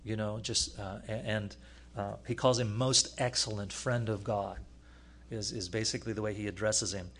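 A man preaching a teaching sermon, pausing often with fillers and restarts. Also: on the low side, steady tone, fairly bright tone. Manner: halting, many fillers and restarts. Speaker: pastor.

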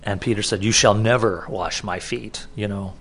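A man's voice: fairly low pitch, fairly even intonation, moderate pace, fairly bright tone, a little hiss or hum. A man preaching an expository sermon in a conversational way, often restarting and repeating words for emphasis. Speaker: pastor.

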